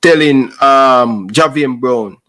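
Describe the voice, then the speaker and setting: A man hosting a casual interview, relaxed and mixing in patois. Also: medium pitch, slow. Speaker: show host.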